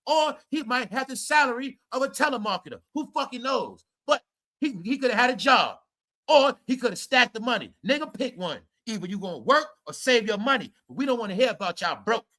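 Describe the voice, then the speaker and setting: Brash high-voiced man ranting. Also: animated, fairly quick, pushed and bright. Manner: brash, mocking, repeats "y'all" and "bro". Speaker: commentary streamer. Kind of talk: ranting commentary.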